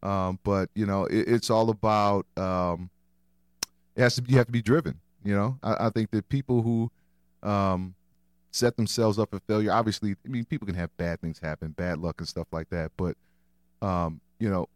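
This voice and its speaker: A man's voice: lowish voice, normal speed, dry recording. A former football player chatting as a podcast guest, hesitant and repeating his words, with many "you know"s. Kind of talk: casual interview chat. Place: warm podcast studio.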